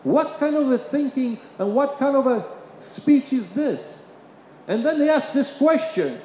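A man preaching a sermon. He builds to emphatic peaks, drops into quiet asides, and repeats phrases while he searches for words. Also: very high voice, lively intonation, unhurried. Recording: reverberant hall, faint room noise.

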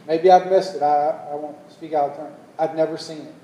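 A man preaching a sermon as pastor, telling a story and building to loud, emphatic calls to the congregation. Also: fairly high pitch, steady tone, brisk, distant mic, muffled recording. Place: church hall. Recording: echoey hall, long reverb.

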